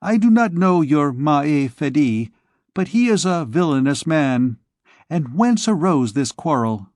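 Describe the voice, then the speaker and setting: Brief: a tender, pleading young noblewoman, read by a man, lifted and slow, for an audiobook. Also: a little high, very animated, darkish tone, no room sound, studio quality, voice pushed up. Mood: anxious. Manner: coaxing, pleading questions. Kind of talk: audiobook character voice.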